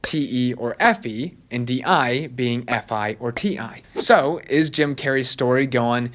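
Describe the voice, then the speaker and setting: A man hosting a casual personality analysis video, chatty and excitable, with lots of "like". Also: mid-range voice, unhurried, hardly any pauses. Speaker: host.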